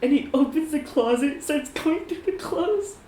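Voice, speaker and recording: A woman with a fairly high voice narrates a tabletop role-play scene, animated and quick to laugh. The sound is echoey, as if recorded in a bare room, with faint noise behind her. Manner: giggly, animated, breaks into laughter often. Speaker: player narrating her character.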